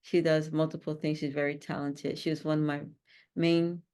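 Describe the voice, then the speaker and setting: Low-pitched female host, casual and upbeat, quick to laugh. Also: flat delivery, mellow, clean tone. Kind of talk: casual chat.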